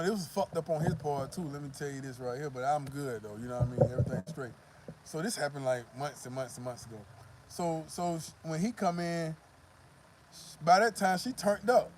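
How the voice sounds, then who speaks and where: A man's voice: a little high, brisk, very noisy. A man vlogging, telling a profane, rambling story to the camera and filling it with "you know what I mean.".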